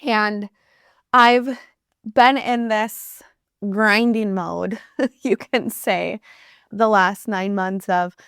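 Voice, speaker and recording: A woman in her thirties hosting a reflective solo podcast, speaking earnestly and warmly about her life with gentle laughs. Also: medium pitch, slow pace, clean tone, no echo, clean studio sound. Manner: earnest and heartfelt, with soft laughs. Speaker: podcast host.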